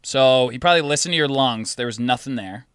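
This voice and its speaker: Man, casual chat co-host, wry, teasing, bright voice. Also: medium pitch, fairly quick, clear, resonant tone, no echo, clean studio sound. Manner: wry, teasing, asks follow-up questions. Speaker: podcast co-host.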